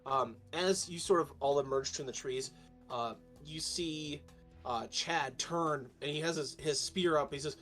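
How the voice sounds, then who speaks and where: A man narrating as game master of a tabletop game, talking in a halting way with many fillers, over a stream with faint music behind. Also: on the high side, fairly bright tone.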